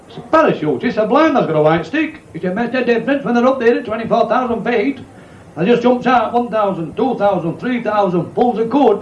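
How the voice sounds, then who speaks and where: Cheeky club comic, high voice. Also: male voice, highs cut off. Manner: cheeky, crude banter with the crowd. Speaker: club comedian. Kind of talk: bawdy stand-up joke telling. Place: pub or working men's club. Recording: echoey live club recording with loud crowd noise.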